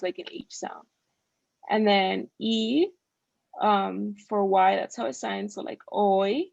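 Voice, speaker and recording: A young woman leads a casual online Spanish lesson over a video call, her voice gravelly with some vocal fry. She leans on "like" and "um" as she talks, and the sound is dry and close. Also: medium pitch, no echo. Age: young adult. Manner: many fillers like "like" and "um". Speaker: student Spanish tutor.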